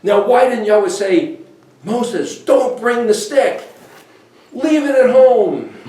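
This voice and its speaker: A man giving an informal, animated scripture teaching, acting out quoted voices as he goes. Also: high voice, a little hiss or hum. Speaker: bible teacher. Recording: echoey room, voice from a distance.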